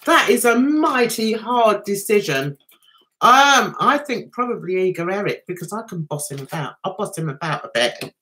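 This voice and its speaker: A woman hosting a casual livestream, telling stories in a chatty, animated way. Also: medium pitch, normal speed. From United Kingdom. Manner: chatty, animated storytelling with mimicked voices. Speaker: livestream host.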